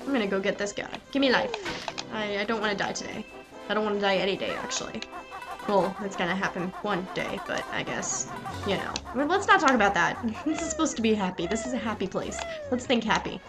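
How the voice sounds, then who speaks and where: A young adult woman giving chatty, excitable gameplay commentary and talking back to the game characters. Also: medium pitch, a little fast, poor audio. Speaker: let's play gamer. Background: game music.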